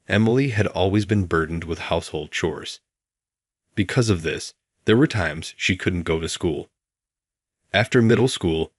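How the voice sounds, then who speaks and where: A man calmly narrating a scripted first-person story as the channel's storyteller. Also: deep voice, dry recording, studio quality.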